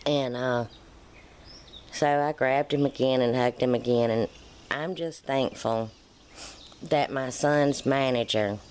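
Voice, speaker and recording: A woman's voice: a bass voice, takes it slowly, pauses often, slight background noise. A middle-aged woman, vlogging in a casual storytelling way and acting out the dialogue as she tells it. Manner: animated, acts out quoted dialogue.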